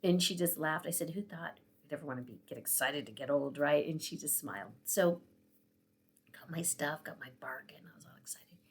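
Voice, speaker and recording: A woman's voice: deep voice, a little fast, slightly rough. A tearful woman in her sixties telling a personal story in a vlog, emotional and often dropping to a whisper. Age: 60s. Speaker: vlogger.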